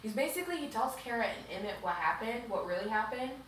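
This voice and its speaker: Fast-talking and animated, a podcast co-host with a fairly high, slightly bright voice casually recaps a book, rambling along and saying "like" a lot. She's recorded from a distance in a very echoey room, with a faint hiss.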